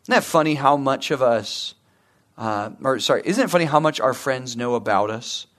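A man's voice: medium pitch, expressive, normal speed, fairly bright tone. A man preaching a sermon, earnest and direct, asking the congregation rhetorical questions and repeating words for emphasis. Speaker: pastor.

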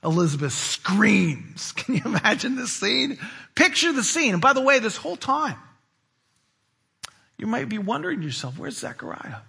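A man preaching a sermon, animated, swinging between loud emphasis and hushed asides. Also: sits high, moderate pace, vocal fry, breathy edge. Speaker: pastor.

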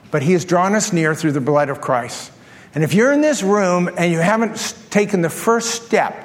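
A man preaching a sermon as pastor, telling a story with lively, acted-out asides to his congregation. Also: sits high. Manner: animated storytelling, acts out his own thoughts. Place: large church hall. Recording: long hall reverb.

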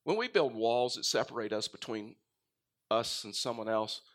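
A middle-aged man from Texas, a pastor preaching a sermon with a faint Texan accent, telling stories and swinging between loud emphasis and quiet asides. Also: medium pitch, expressive, moderate pace. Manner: storytelling, rises and drops in volume for emphasis.

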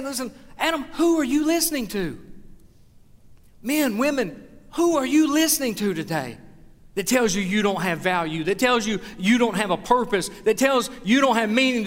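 A man's voice: extremely high pitch, expressive, normal speed, fairly bright tone. A man, preaching a sermon as pastor, earnest and building to emphatic exhortation. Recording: long reverb of a large hall.

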